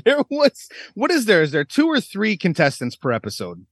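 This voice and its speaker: A man's voice: high-pitched, normal speed, husky, dry recording, clean studio sound. A man co-hosting a podcast, telling crude stories in casual chat with a lot of laughter. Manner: crude, animated storytelling with frequent laughs. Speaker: podcast co-host.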